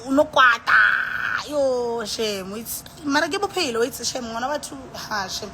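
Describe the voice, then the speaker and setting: In a casual live stream, a tipsy woman with a South African accent rambles and sighs into her phone, moving between languages. Her voice is a little high and animated, at a normal pace. There's noise in the background.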